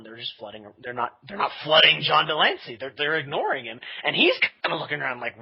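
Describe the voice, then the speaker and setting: A man's voice: a little high, lively intonation, brisk, husky. A man guest animatedly telling a convention story on a podcast, acting out the dialogue he quotes. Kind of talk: animated anecdote in casual podcast chat. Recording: dull lo-fi audio.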